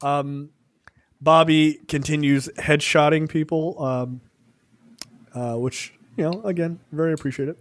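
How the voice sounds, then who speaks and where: A man co-hosting a casual film review podcast, talking loosely with many fillers and acting out scenes in quick quoted voices. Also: on the high side, fairly even intonation, no room sound. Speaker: podcast co-host.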